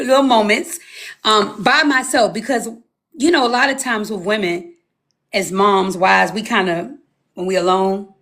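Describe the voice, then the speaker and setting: A woman in her thirties sharing a personal testimony as an interview guest, telling it with animated storytelling and acting out her own past words. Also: a little high, normal speed, gravelly.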